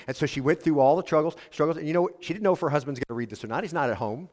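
A man preaching a sermon, earnestly asking his congregation questions and reading a letter aloud in a softer tone. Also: fairly high pitch, racing, hardly any pauses. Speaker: pastor.

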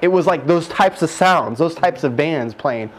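Young man, high-ish voice, gushing testimony on a handheld mic. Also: a little hiss or hum. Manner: excited, rushed, fills speech with "like". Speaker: guest telling his near-death story. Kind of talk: emotional testimony in a conversation. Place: room with other men holding mics.

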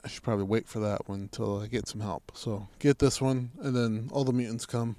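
A man's voice: medium pitch, fairly quick, slight background noise. A man telling a long story in casual chat, swearing freely and acting out the arguments he had. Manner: profane, animated, acts out quoted arguments.

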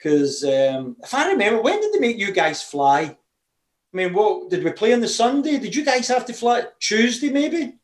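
A man's voice: sits high, very animated, normal speed. A Scottish man hosting a casual chat, telling stories with frequent laughs. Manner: laughing, chatty storyteller. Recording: roomy echo.

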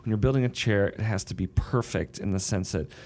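Low-voiced man explaining songwriting. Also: fairly quick, a little mellow. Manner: thoughtful, explains with sung rhythms and examples. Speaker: songwriter and novelist. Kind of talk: casual conversation.

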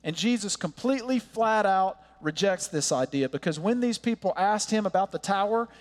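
A high-pitched man delivers an earnest, impassioned sermon, slowing to lean on key words. His voice rings with a long reverb, as in a church hall. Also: expressive. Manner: earnest, impassioned preaching with slow emphatic pauses. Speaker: pastor.

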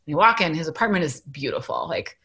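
A young woman telling a story as a podcast guest, animated and self-deprecating, acting out the dialogue, on a video call from home. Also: low voice, brisk. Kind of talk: casual storytelling.

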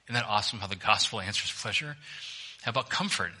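A man preaching a sermon to his church congregation. He preaches with animation, asks the listeners questions, jokes with them, and swings between loud emphasis and hushed, low passages. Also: fast talker. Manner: talks directly to the congregation with questions and humor. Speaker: pastor.

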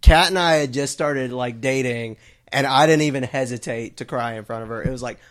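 A man's voice: medium pitch, brisk. A man co-hosting a casual podcast, talking candidly and earnestly. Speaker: podcast co-host. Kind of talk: casual chat.

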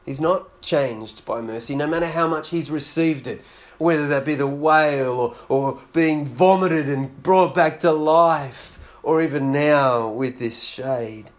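A preacher delivering a sermon in a slightly higher-pitched male voice. He tells the story with energy and acts out each character's lines in turn. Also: a little slow. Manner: storytelling, acting out quoted voices with rising intensity.

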